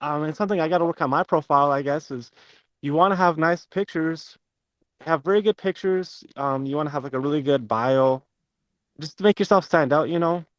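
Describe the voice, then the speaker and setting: Earnest, rambling man with a raised pitch. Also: brisk, dry recording. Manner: rambling, earnest, full of fillers. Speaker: participant in an audio chat room. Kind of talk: casual chat, giving advice.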